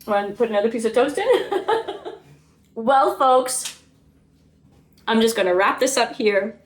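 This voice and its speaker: A woman's voice: a little high, lively intonation, measured pace. A woman chatting casually in a home vlog, earnest and openly emotional as she talks to her viewers from her kitchen. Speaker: homestead vlogger.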